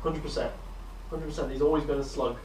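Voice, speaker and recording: A man's voice: on the high side, fairly even intonation, quick pace, a little mellow. A man in casual chat who firmly insists he is right. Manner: insistent, argues his point. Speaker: podcast co-host. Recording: roomy, far from the mic.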